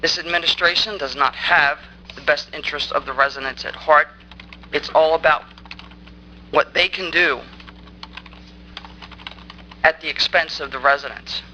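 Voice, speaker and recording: A woman stands at a town council meeting and tears into the council, angry, accusing and insistent. Her voice is sharp and strained with force throughout. A faint hiss sits under the recording. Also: deep voice, moderate pace, pauses often, dull audio. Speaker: resident speaking at public comment. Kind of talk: public comment at a council meeting.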